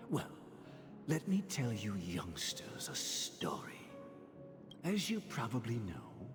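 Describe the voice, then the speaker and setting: A creepy whispering old storyteller. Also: male voice, mid-range voice. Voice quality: whispery, sinister. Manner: slow, patronizing storytelling. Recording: game audio with loud music and long reverb.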